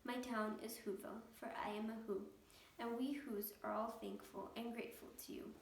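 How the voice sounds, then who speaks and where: A woman's voice: fairly high pitch, fairly even intonation, normal speed, a little hiss or hum, lightly acted. Woman doing a tiny piping mayor. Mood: eager. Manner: eager, piping. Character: tiny, grateful male town mayor. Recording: echoey room, mic at a distance.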